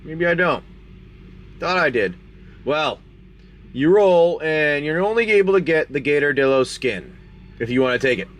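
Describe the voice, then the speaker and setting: A man's voice: fairly high pitch, lively intonation, moderate pace, pauses often. A man hosting a live stream, chatty and rambling as he narrates a tabletop game and opens card packs. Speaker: game master and card-break host.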